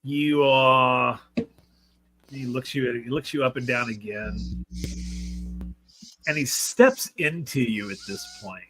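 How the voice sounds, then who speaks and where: A man's voice: mid-range voice, unhurried, long pauses, rough recording. A man narrating a tabletop role-playing game as game master, chatty with lots of fillers. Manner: chatty, frequent laughs and fillers.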